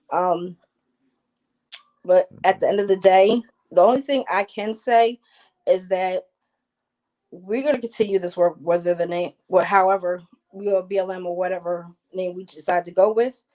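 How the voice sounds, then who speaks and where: A woman's voice: fairly low pitch, mellow. A woman from New Jersey, an activist guest speaking with passion and frequent restarts in a panel discussion over a video call.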